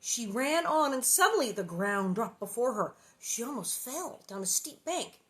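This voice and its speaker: A woman's voice: a little high, very animated, normal speed. A woman chatting casually and reading a children's novel aloud, rambling and playful with many asides.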